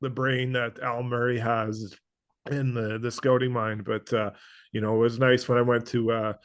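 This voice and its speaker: A man hosting a podcast, speaking earnestly and haltingly, with many pauses and restarts. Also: mid-range voice, level tone, no echo. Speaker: podcast host. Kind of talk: casual interview chat.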